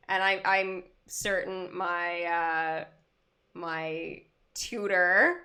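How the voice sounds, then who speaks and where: Bright, giggly young woman host chatting with her live viewers, rambling and easily amused. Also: on the low side. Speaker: livestream host. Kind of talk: casual chat with live chat viewers.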